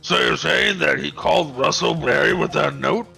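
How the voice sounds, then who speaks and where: A man's voice: on the high side, moderate pace, sharp tone, full character voice. A man voicing a flustered older male judge in a fan reading of a game, speaking in a stammering, exclamatory way. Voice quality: gravelly. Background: game music.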